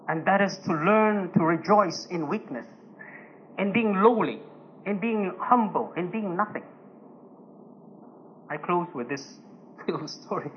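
High-voiced gentle preacher, lo-fi recording. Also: male voice. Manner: gentle, humorous storytelling with chuckles. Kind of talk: conversational sermon with personal stories. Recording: dull lo-fi recording with faint noise.

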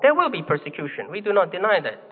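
A man preaching a sermon in a measured, emphatic teaching manner, asking rhetorical questions. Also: high-pitched, huge pitch swings, breathy edge. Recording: phone-like, long hall reverb.

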